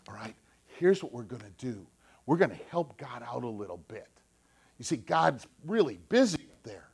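A man voicing an impatient, scheming woman over eighty, speaking in a hushed, conspiratorial way. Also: a little high, gravelly, exaggerated voice. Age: over 80 (figure).

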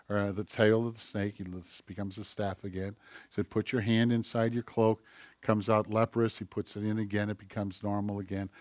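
A man preaching a sermon, acting out voices and swinging between loud emphatic lines and hushed asides. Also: fairly low pitch, no room sound, clean studio sound. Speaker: pastor.

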